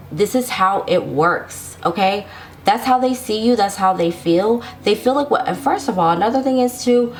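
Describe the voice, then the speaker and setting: Woman, tarot reader, sassy, chatty, laughs a lot, talks to viewers, mid pitch. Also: slight background noise. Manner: speaks directly to viewers, reassuring. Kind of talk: casual tarot love reading to camera.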